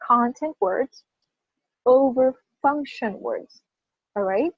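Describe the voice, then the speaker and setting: A woman with a fairly high, slightly husky voice teaches pronunciation to a class. She stresses key words with emphasis and keeps checking in with her learners. The recording is dry and a bit muffled. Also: slow, dry recording. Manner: animated, emphatic, checks in with "right?" often. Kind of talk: classroom lesson.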